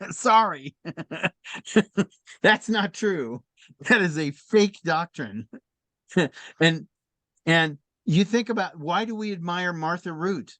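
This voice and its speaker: Animated storytelling man, dry sound. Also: a little high, no room sound. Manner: animated, laughs often while telling stories. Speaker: speaker in a faith discussion. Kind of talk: conversational storytelling talk.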